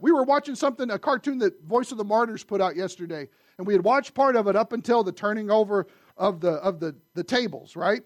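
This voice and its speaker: A man preaches with a high, lifted voice that climbs even higher on his loudest points. He swings between loud emphasis and hushed asides. The sound is close and dry, with no room around it. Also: no echo. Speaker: pastor. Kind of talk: sermon.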